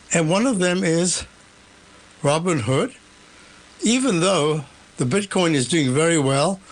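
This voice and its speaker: Radio host, man, higher voice, chatty and a bit breathless, market talk. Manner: chatty, thinking aloud with fillers. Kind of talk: live market analysis talk.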